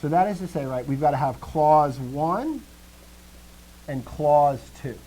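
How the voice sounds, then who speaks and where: A man teaching a live grammar lesson, explaining step by step, often answering students with quick affirmations and dry joking asides. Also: a little high, expressive, warm tone, poor audio. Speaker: language teacher.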